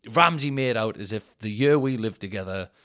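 A man's voice: on the low side, normal speed, a bit bright. Sweary, ranting man. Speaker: podcast host. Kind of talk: casual solo chat. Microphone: headphones in, home podcast mic.

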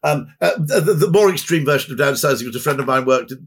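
A man's voice: on the high side, animated, fast, husky. A man as a podcast guest, talking in a rambling, anecdotal way with dry asides. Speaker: guest, advertising executive. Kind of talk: conversational podcast interview.

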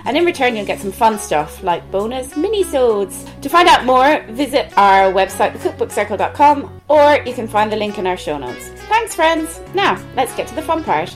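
A chatty British woman co-hosting a podcast, her pitch on the high side and swinging a lot as she talks. She giggles often, and soft music plays faintly behind her. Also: big pitch swings, moderate pace, few pauses. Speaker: podcast co-host. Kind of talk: casual chat.

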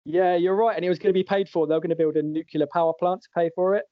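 A fairly high-voiced man hosts a relaxed podcast quiz, chuckling his way through questions and answers. The audio is dull and lo-fi, with a dry, close sound. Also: rapid-fire, dry recording. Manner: jokey, laughs often while reading out answers. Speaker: podcast host and quizmaster. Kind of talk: casual podcast chat, running a quiz.

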